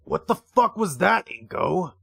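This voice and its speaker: A man's voice: high voice, sing-song, measured pace, gravelly, sharp tone, husky, no room sound, pitched above the performer's own voice, exaggerated voice. A man voicing a furious, aggressive frilled dinosaur teen boy who threatens and swears. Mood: angry.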